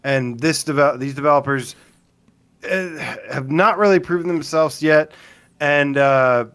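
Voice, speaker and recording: An opinionated man co-hosting a casual gaming podcast, talking in quick bursts and cutting himself off mid-thought. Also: a little high, clean tone. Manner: opinionated, animated, self-interrupting. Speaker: podcast co-host.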